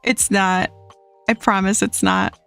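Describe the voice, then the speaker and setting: A woman's voice: mid-range voice, big pitch swings, slow pace, fairly bright tone, clean tone, faint music behind. Chatty young woman streamer, giggly. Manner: chatty, giggly, reads chat aloud. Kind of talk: casual live-stream chat. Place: home.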